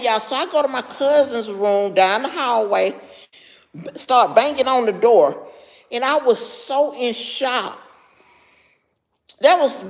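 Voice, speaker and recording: A woman's voice: a little high, long reverb tail. A middle-aged woman with heavy, labored breathing tells a story to her live chat, stopping now and then to answer viewers by name. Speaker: livestream host.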